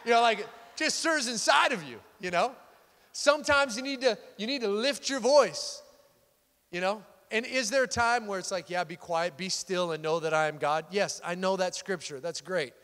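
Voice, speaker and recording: A loud, excitable man preaching a sermon as a pastor, animated and full of quick restarts. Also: high-pitched. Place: church sanctuary. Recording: long hall reverb.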